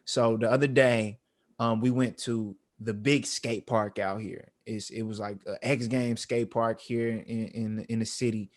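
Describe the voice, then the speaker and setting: This is a fairly low-pitched man with fairly even intonation, talking a little slowly. He's in his thirties and co-hosts a podcast, where he chats through a heartfelt family story in a slangy, emotional, filler-heavy way.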